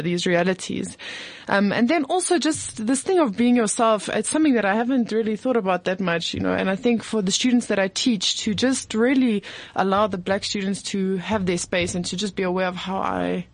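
A woman's voice: mid-range voice, dry recording. A woman, a teacher, speaking hesitantly in a group discussion, often restarting and searching for words. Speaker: teacher and theatre maker.

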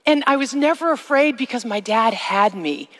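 A woman giving a sermon-style personal testimony, with slow, emphatic phrasing that rises to a high cry in the re-enacted moments. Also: expressive, fairly bright tone. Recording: long reverb of a large hall.

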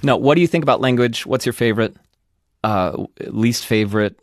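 A man co-hosting a podcast in casual chat, quick and self-interrupting as he translates on the fly. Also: medium pitch, no room sound, clean studio sound. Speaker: podcast co-host.

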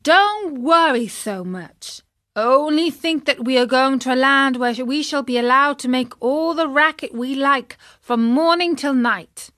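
A woman voicing a bold, reckless runaway boy who calls out loudly and eagerly. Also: sits high, a little slow, no echo, studio quality, pitched above the performer's own voice. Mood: urging.

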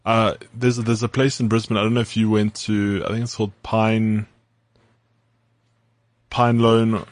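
A man's voice: fairly low pitch, flat delivery, moderate pace, no room sound. A man co-hosting a podcast, chatting casually and telling long, detailed stories. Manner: rambling, detailed travel storytelling. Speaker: podcast co-host. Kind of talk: casual chat.

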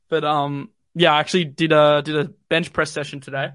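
A young man with a light Australian accent chats casually on a livestream, his voice a touch higher than most men's. He talks loosely with plenty of fillers and answers comments as they come in, on a dry recording with no room sound. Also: fairly quick, fairly bright tone, dry recording. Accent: mild city Australian. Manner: chatty, filler-heavy, reads viewer comments. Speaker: crypto livestream host. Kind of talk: casual live-stream chat. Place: home bedroom.

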